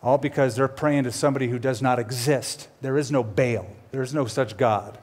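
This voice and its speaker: A middle-aged man preaching a sermon, telling a story with lively, animated delivery and acting out quoted characters. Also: moderate pace, slightly rough. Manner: animated storytelling, voices quoted characters with big pitch swings. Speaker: pastor.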